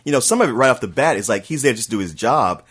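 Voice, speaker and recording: A man with a somewhat husky voice talks with animated, rising and falling pitch, chatting about a film with his co-hosts. He tells it with emphasis, like a friend making his case. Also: rapid-fire. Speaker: podcast co-host. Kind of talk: casual movie review chat.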